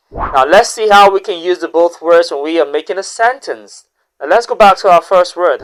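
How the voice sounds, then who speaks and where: A woman hosting a pronunciation lesson, saying each word slowly and repeating it as a drill. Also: on the low side, animated, clean tone. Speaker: diction teacher and host.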